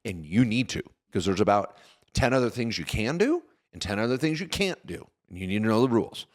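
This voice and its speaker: A man's voice: on the low side, big pitch swings, a little fast. A man co-hosting a podcast, bantering and teasing in a playful way. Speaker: podcast co-host.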